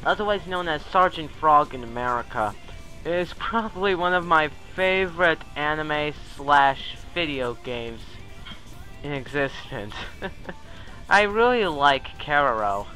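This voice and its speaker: A man's voice: a little high, expressive, slow pace, bright, forceful tone, soft background music, poor audio. A young man giving a casual countdown commentary in a chatty, rambling way, often correcting himself. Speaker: video commentator.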